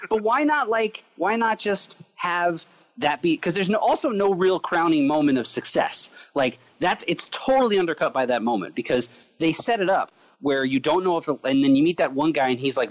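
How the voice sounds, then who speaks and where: A man chatting casually on a podcast, rambling and animated, acting out characters as he goes. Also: a little high, normal speed, rough recording. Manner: rambling, animated, acts out characters mid-sentence. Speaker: podcast co-host reviewing a comic. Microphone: remote call mic.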